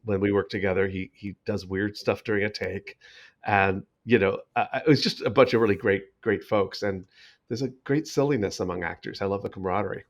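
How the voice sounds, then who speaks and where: A middle-aged actor from New York, a podcast guest who tells anecdotes in a rambling way with many restarts. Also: male voice, lowish voice, fairly quick. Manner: rambling, frequent restarts, storytelling. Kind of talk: casual interview anecdotes. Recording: slightly dull lo-fi podcast audio.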